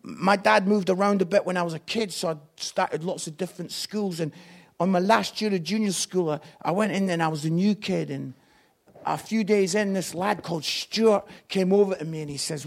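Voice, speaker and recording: A man preaching a sermon, impassioned, swinging between hushed lines and loud ones. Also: high-pitched, moderate pace, vocal fry.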